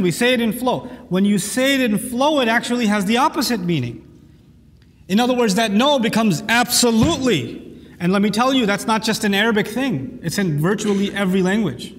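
A man's voice: high voice, lively intonation, normal speed, big-room sound. A man teaching a lecture on the Quran, speaking emphatically and reciting Arabic verses.

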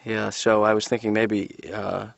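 An actor voicing an aimless young man in a cartoon, who talks in a hesitant, rambling, halting way. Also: fairly low pitch, flat delivery, vocal fry, dry recording. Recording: slightly dull lo-fi TV audio.

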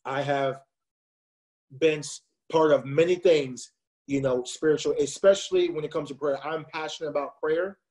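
Over a video call, a man in his twenties preaches passionately to young people, repeatedly urging them to "listen to me." His pitch is fairly high and his intonation fairly even, and he speaks at a normal speed with a slightly mellow quality.

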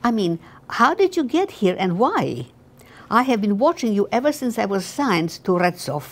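An elderly woman voicing an earnest, anxious young male guard who speaks softly and apologetically. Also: mid-range voice, sing-song, moderate pace. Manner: soft, pleading, apologetic.

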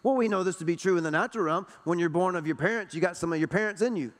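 A man's voice: high-pitched, very fast, long reverb tail. A man preaching a sermon to a church congregation, emphatic, hammering home repeated rhetorical questions. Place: church sanctuary.

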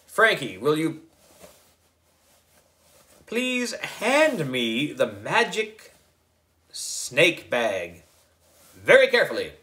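A man reading a storybook aloud, voicing a boy who puts on a grand stage wizard voice with slow, booming pronouncements. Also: huge pitch swings, bright, forceful tone, full character voice. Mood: grandly theatrical.

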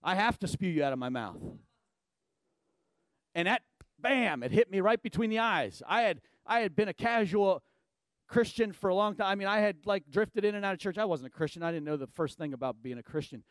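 A middle-aged male pastor preaching a sermon, emphatic, swinging from low and quiet to loud and shouting. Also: brisk, no echo.

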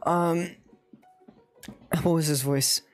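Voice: medium pitch, steady tone, drawn-out words, soft background music. A streamer casually reading a dating sim aloud on a live stream, swearing and laughing at their own slips.

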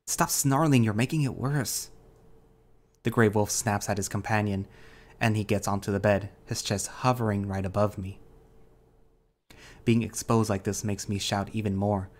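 A man reads a first-person audio story with a steady, measured delivery. His voice sits on the low side. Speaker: narrator.

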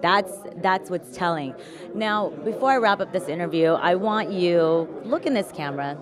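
A woman's voice: on the low side, moderate pace. Chatty woman reporter at a busy event. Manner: chatty and effusive. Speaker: interviewer, sports reporter. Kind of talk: on-camera interview hosting. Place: outdoors at a press event. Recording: outdoor event with clear crowd noise. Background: crowd chatter.

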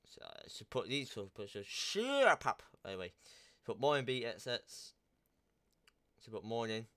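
A man's voice: medium pitch, a little fast, a bit bright. A young man telling a story in a crude, rambling way, reading out text messages with plenty of swearing. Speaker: YouTuber. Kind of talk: casual storytelling, reading out texts.

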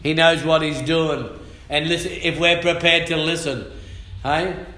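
A middle-aged pastor preaches with fire, his voice sitting a little high and slow in its pace. The tone is bright and forceful. The sound rings around an echoey church hall. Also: fairly even intonation. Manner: fiery, shouting and humming out rhythms. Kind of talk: sermon.

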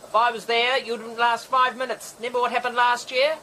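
An actor with a New Zealand accent playing a rambling, apologetic band manager juggling phone calls in a radio sitcom. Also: male voice, extremely high pitch, flat delivery, brisk, pushed and bright, slight background noise, rough recording. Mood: indignant. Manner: rambling, apologetic, easily flustered. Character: flustered male manager fielding phone calls.

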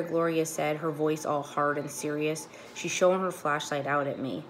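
A woman teacher reading a children's chapter book aloud to her class, clear and expressive. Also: low voice, moderate pace.

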